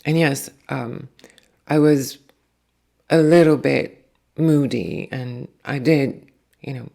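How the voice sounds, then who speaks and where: A woman's voice: rumbling low, takes it slowly, gravelly, mellow, exaggerated voice. A woman speaking as the spirit of an old Hollywood film actress, confiding and self-justifying in the first person. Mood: defiant.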